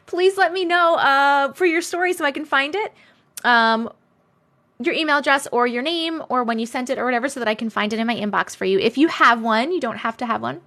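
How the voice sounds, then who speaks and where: A woman's voice: sits high, brisk, pushed and bright. A woman hosting a casual live stream, chatting, reading viewer comments aloud and greeting viewers by name with frequent laughs.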